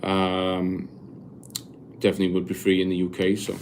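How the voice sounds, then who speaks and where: Halting, low-voiced man chatting live. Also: completely flat delivery, darkish tone, a little hiss or hum. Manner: halting, many restarts while searching for words. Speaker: livestreamer reading chat. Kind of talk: casual live chat. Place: abroad in Poland.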